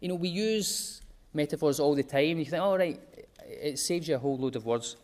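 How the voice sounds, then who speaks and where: Man, fairly high voice, relaxed rambling presenter with everyday examples. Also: normal speed. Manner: chatty and digressive, with homely examples. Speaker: speaker giving a talk. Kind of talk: informal talk to a small group.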